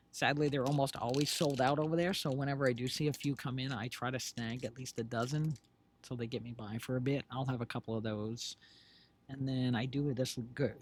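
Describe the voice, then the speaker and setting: A man's voice: medium pitch, a little hiss or hum. A middle-aged man co-hosting a home livestream, chatting casually to viewers in a rambling way, with lots of fillers and self-corrections. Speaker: stream co-host and creator. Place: home streaming setup. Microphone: desk microphone with headphones.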